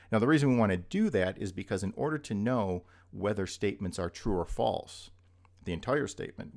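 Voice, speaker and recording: Low, gravelly-voiced man teaching logic. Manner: explanatory, repeats points with frequent "right?" checks. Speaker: logic instructor. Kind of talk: recorded lecture.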